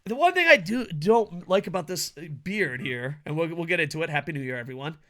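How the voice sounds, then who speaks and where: A man co-hosting a podcast in casual chat, loud and laughing, swearing through fast banter. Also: fairly high pitch, lively intonation. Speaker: podcast co-host.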